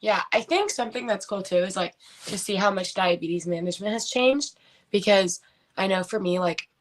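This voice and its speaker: A woman's voice: mid-range voice, normal speed, a little hiss or hum. A young woman hosting a podcast, chatting in an upbeat way and saying "like" often. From United States. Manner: upbeat, peppers speech with "like". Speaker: podcast host. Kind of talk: casual chat.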